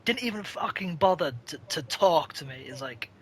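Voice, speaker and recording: A man's voice: fairly high pitch, lively intonation, moderate pace, fairly bright tone, a little hiss or hum. A young man in casual chat, telling rambling shop stories with swearing and laughter. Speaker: podcast co-host.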